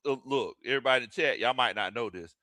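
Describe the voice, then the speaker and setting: A man hosting live watch-party commentary, excitable and often shouting and laughing. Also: medium pitch, racing, dry recording, clean studio sound. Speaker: sports livestream host.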